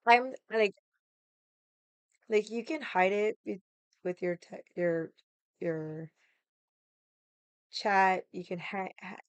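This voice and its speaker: A woman streams from her room and tells a long story to her chat. She swears freely and leans on fillers as she talks, in a smooth, clear voice. The sound is close and dry, with no room around it. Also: mid-range voice, fairly even intonation, slow, long pauses, no echo. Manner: chatty, swears a lot, many fillers. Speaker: livestream host. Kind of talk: casual storytelling to a live chat. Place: home room.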